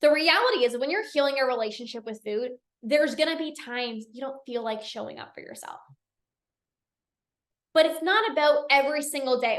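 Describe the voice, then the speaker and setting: A woman's voice: high-pitched, animated, brisk, fairly bright tone, roomy sound. A woman coaching a live online masterclass, earnest and repetitive, laughing easily.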